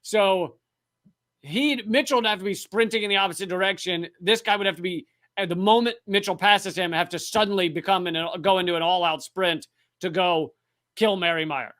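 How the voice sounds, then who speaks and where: Bright high-voiced sarcastic man. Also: normal speed. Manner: sarcastic, joking asides. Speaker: podcast host. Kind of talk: casual chat, retelling a true crime case.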